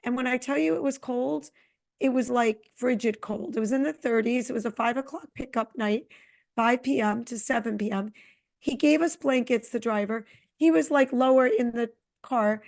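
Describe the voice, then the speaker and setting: A middle-aged woman co-hosting a podcast, chatting casually and telling a long, animated travel story. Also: on the high side, normal speed, vocal fry. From Connecticut. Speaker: podcast co-host. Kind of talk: casual chat.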